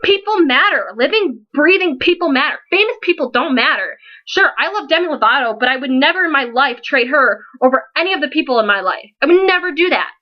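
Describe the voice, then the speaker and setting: Teen girl, high-pitched, worked-up vlog appeal, lo-fi webcam sound. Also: animated, fairly quick, hardly any pauses. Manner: earnest and emotional, pleading and scolding by turns. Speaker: founder of an online support page. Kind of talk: impassioned vlog speech to followers.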